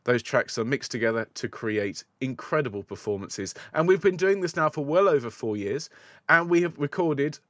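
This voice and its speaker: A man's voice: medium pitch, expressive, moderate pace, a bit bright, no room sound, clean studio sound. A man, a choir's musical director, chatting playfully and enthusiastically to viewers of a live online rehearsal.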